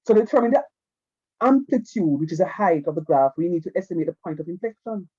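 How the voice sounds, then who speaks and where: High-voiced man teaching math. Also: animated, fast talker, dark tone, husky, lo-fi sound. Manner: repetitive, coaxing, keeps saying "watch me". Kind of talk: online class lecture.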